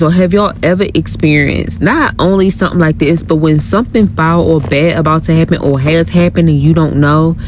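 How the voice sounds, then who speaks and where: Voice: mid-range voice, a little mellow, a little hiss or hum, poor audio. Channel host reacting casually, quizzing viewers. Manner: conversational, asks viewers questions directly.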